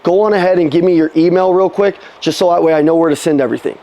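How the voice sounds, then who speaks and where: Sales trainer, male, high voice, punchy call-and-response coaching to a live room. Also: warm tone. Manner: casual, swears, quick restarts.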